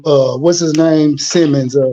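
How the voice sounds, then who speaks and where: Man, casual chat, mellow voice, hesitant, dull audio. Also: a little high, steady tone, measured pace.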